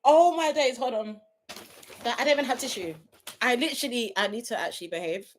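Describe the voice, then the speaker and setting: A woman's voice: on the high side, brisk, a little hiss or hum. A woman hosting a livestream review in casual chat, laughing often and talking straight to her viewers.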